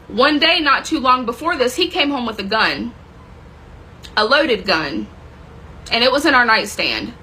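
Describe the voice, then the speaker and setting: A woman's voice: a little high, lively intonation, measured pace, pauses often, sharp tone, slight background noise, low-quality recording. A woman telling a dramatic personal story with plenty of swearing, intense and emotional in her retelling. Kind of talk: personal story told to camera.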